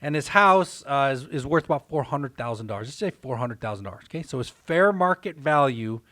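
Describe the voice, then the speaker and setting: A man hosting a casual podcast, telling a story in an animated way. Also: medium pitch, a little fast, dry recording. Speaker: host.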